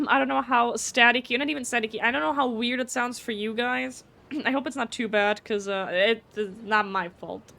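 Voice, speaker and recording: A chatty woman streams a video game live and talks casually with her viewers. Her voice sits a bit higher than most, and her manner is blunt, with casual swearing mixed in. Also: normal speed, gravelly, bright, forceful tone, a little hiss or hum. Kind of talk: casual live gameplay commentary.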